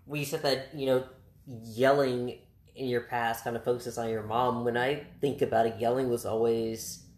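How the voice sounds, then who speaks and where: A woman with an unusually deep voice chats expressively and animatedly, often restarting her sentences. The recording picks up the echo of a roomy space. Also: steady tone, moderate pace, a little mellow. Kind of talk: casual conversation. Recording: roomy echoing room.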